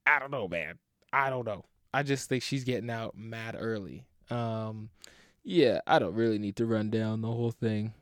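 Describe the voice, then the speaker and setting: A man's voice: lowish voice, normal speed, a bit bright, no room sound, clean studio sound. A young man, hosting a solo podcast and ranting in a rambling, profane way with lots of "like" and "man". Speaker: podcast host.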